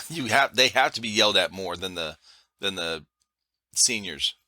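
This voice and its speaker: A man's voice: low voice, lively intonation, moderate pace, bright, forceful tone, no echo. A man hosting a podcast in casual chat, giving short, blunt and profane reactions. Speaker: podcast host.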